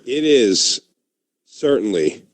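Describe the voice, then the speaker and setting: A man co-hosting a comedy radio show, telling stories in a drawn-out, casual way. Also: medium pitch, big pitch swings, no room sound.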